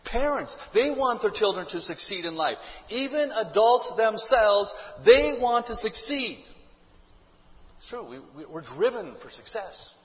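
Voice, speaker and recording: High-voiced man preaching in a reverberant hall. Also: big pitch swings, unhurried. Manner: conversational preaching with rhetorical questions. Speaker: pastor. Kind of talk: sermon. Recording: dull audio with long hall reverb.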